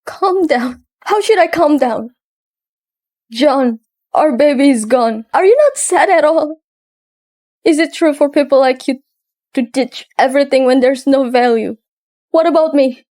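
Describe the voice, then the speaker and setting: A heartbroken young woman with a high voice. She pleads emotionally. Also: animated, unhurried, long pauses, darkish tone. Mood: distraught. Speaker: heroine, a clerk. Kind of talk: dubbed drama acting.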